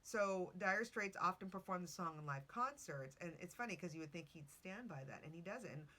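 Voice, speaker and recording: Podcast host, woman, low voice, chatty with asides and self-corrections. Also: expressive, normal speed, bright, forceful tone. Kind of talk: casual podcast talk, reading notes.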